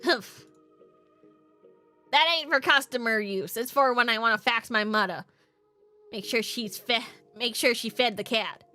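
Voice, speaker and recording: A woman voicing a gruff, complaining clerk in a video game, in a raised, higher voice. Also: unhurried, pauses often, sharp tone, dry recording, faint music behind. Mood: irritated.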